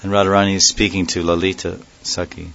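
Low-voiced man giving a devotional lecture. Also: level tone, quick pace, vocal fry, a bit bright. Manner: reflective, repeats key words, chuckles now and then. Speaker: spiritual teacher. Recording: dull lo-fi recording.

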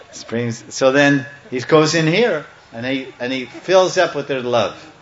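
A man's voice: mid-range voice, moderate pace. Brief: male storyteller-preacher, playful and chanting, muffled echoey recording. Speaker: devotional speaker. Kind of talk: devotional storytelling sermon. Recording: echoey, slightly muffled room.

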